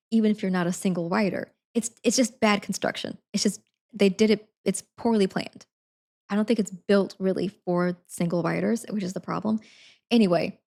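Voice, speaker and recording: A woman's voice: mid-range voice, darkish tone. Rambling young woman streamer. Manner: rambling, heavy on fillers. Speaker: livestreamer. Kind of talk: casual storytelling to a live stream.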